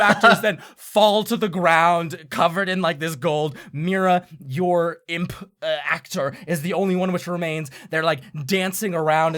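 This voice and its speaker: A game master narrating a tabletop game scene in a lively way, with many casual fillers and frequent laughter. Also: mid-range voice.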